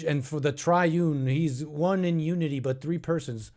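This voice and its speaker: A young man hosts a call-in show in a voice pitched a little high for a man. He rambles and thinks out loud, restarting his sentences and getting animated as he goes. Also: normal speed, hardly any pauses. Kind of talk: casual call-in talk.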